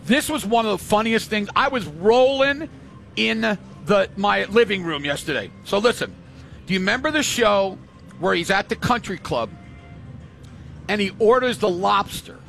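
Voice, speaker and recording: Older man with a high, gravelly voice. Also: moderate pace, soft background music. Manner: animated storytelling, acts out voices in quotes. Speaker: storyteller in casual chat. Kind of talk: casual chat.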